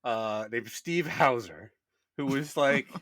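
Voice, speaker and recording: A man's voice: medium pitch, animated, slow pace, fairly bright tone, dry recording. A young man co-hosting a podcast, telling a story in casual chat and laughing often. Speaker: podcast co-host.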